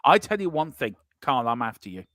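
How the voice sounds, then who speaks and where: A man's voice: mid-range voice, sing-song, fairly quick, sharp tone, no room sound. Jokey man reading listener comments. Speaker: podcast co-host. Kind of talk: casual fan podcast chat.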